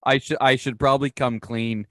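A man's voice: medium pitch, steady tone, moderate pace, a bit bright, no room sound, clean studio sound. A man hosting a podcast over a video call, chatting casually, rambling and laughing easily. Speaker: podcast host. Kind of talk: casual chat.

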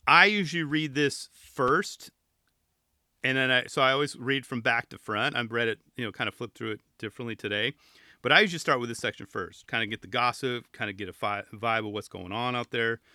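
Leafing through a magazine, this male podcast host keeps things loose and jokey, full of tangents and mock begging. His mid-range voice comes out fairly quick, pushed and bright, with clean studio sound and no room echo.

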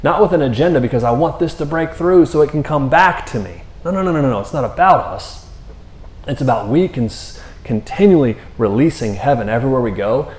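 A man's voice: mid-range voice, lively intonation, a little fast, darkish tone. A male pastor preaching in a loose, conversational way, often tossing in "man" and "you know.". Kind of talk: sermon. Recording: echoey room.

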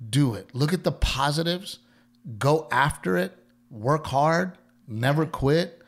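A man from Texas with a Texan accent, co-hosting a podcast and telling a story in a lively way, laughing as he acts out what people said. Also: a little high, takes it slowly. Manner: animated storyteller, laughs through his lines, acts out quoted people. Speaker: podcast co-host. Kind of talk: casual storytelling chat.

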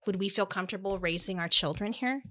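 A woman's voice: medium pitch, fast talker, bright, forceful tone. A middle-aged woman from Iowa, co-hosting a casual podcast chat, earnest and chatty with lots of fillers. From Iowa, United States. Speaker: podcast co-host, bookstore owner.

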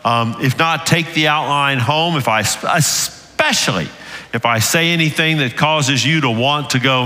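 A man's voice: medium pitch, moderate pace, sharp tone. An older man with a Southern US accent preaching a sermon as lead pastor, earnest and building to emphatic peaks. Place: church sanctuary. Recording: reverberant church hall.

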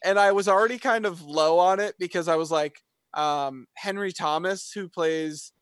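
A man's voice: high voice, moderate pace, a bit bright, clean tone, no room sound. A man co-hosting a podcast, chatting casually about a TV show and rambling with lots of fillers and restarts. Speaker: podcast co-host. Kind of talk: casual chat reviewing a TV show.

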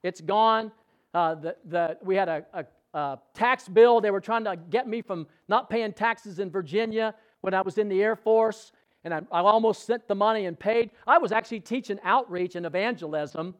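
A man's voice: high voice, normal speed. A male pastor preaching a sermon in a conversational, storytelling way, often asking the congregation questions.

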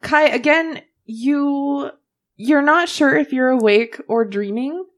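A woman narrating a tabletop game as game master, slow and easygoing, with small laughs. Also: sits high.

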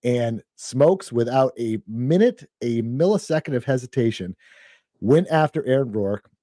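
A man's voice: medium pitch, expressive, a little slow, warm tone, no echo, clean studio sound. A man hosting a wrestling preview show, building up upcoming matches. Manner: hype-building, uses fillers.

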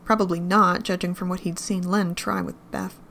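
A woman reading a dark piece of fan fiction aloud, her voice gravelly with fry. She keeps a flat, even line and a grim, measured pace through the narration. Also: on the low side, slight background noise.

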